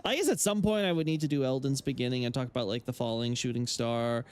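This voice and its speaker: A man's voice: medium pitch, quick pace, smooth. A man chatting casually about game lore while he plays on a stream, rambling with many fillers and restarts and giving blunt opinions. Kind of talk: casual live-stream chat while playing.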